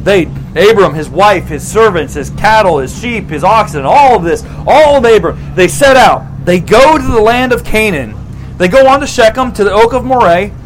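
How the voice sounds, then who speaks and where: A man preaching a sermon as a pastor, conversational and animated, repeating phrases for emphasis. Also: high voice, moderate pace, poor audio.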